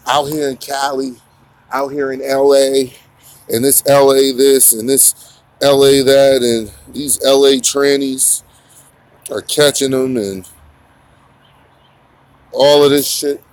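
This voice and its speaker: A man's voice: mid-range voice, little pitch movement, takes it slowly, long pauses. A man hosting a casual morning commentary, rambling and profane, mocking his targets and laughing often. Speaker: commentary channel host.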